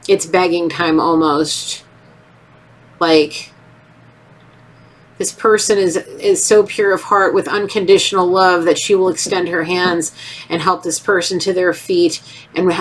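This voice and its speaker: A woman in her thirties giving a casual, rambling tarot reading, often acting out little voices. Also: on the low side. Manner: rambling, animated, acts out voices. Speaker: tarot reader.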